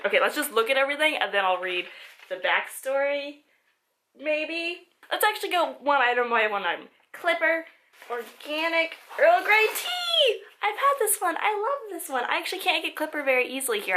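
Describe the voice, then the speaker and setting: Sitting indoors at a table, a woman vlogger chats casually while unboxing a package, excitable and giggly, talking to the items as she finds them. Her voice sits high.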